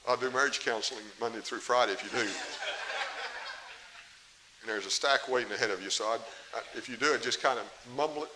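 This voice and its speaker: On 1990s tape with faint hiss, a middle-aged pastor preaches a sermon in church, his medium-pitched voice fairly quick but broken by long pauses. His delivery is folksy and emphatic, with asides to the congregation.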